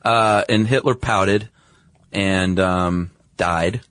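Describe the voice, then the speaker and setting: Male co-host, very low voice, eager chatty delivery, dry studio sound. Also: a bit bright, no room sound. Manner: enthusiastic, chatty, quick to laugh. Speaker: podcast co-host. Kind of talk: casual chat.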